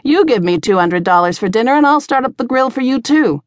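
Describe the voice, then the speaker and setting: A woman voicing a gruff, brisk middle-aged woman who keeps a tavern. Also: mid-range voice, lively intonation, no echo, clean studio sound, natural voice. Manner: brisk, loud and cold.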